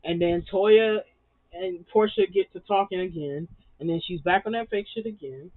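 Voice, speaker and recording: A man's voice: high-pitched, moderate pace, dry recording. A man giving a casual, sassy reality TV recap, full of slang and repeated words for emphasis. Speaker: TV recap vlogger. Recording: dry tinny phone-like sound.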